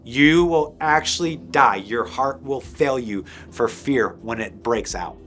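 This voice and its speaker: A man with a bright, forward voice recounts a personal testimony in an intense, rambling way, tripping over restarts and filler words. At the heaviest points his voice sinks to a hushed low, and faint music plays underneath. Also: slow pace. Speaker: guest sharing a personal testimony. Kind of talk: emotional first-person testimony.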